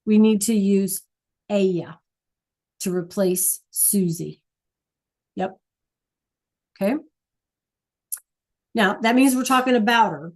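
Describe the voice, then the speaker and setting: A woman teaching a language class, patiently explaining and checking in with her students often. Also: medium pitch. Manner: repeats key points slowly. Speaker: Spanish teacher. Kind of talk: classroom lesson.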